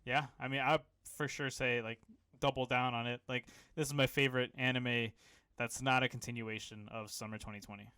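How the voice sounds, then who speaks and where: A young man talking anime news on a podcast, enthusiastic and rambling through his fillers. His voice is smooth and resonant, captured dry and close. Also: medium pitch, level tone, fairly quick, pushed and bright, no room sound. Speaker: podcast co-host. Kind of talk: casual anime podcast chat.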